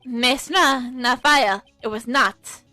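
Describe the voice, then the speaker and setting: A woman's voice: high voice, slow pace, sharp tone, no echo, soft background music, full character voice. A woman voicing a flamboyant, self-pitying male chef with fake French-tinged phrasing, reading a game aloud. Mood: protesting.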